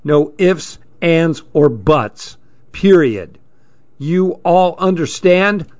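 A man's voice: fairly high pitch, animated, drawn-out words, darkish tone, voice pushed up. A man voicing a stern, stubby, bald schoolteacher who barks clipped orders, on a dull lo-fi recording. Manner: barking orders, clipped and strict.

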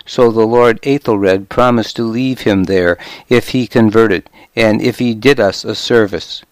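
Earnest warrior lord, read by a man, plain-spoken, trusting, slow delivery, clear smooth voice. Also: lowish voice, no echo, natural voice.

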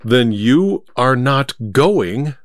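A man's voice: medium pitch, sing-song, drawn-out words, no room sound. A man reading an audiobook, voicing an anxious, earnest male companion who pleads with alarm. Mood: worried.

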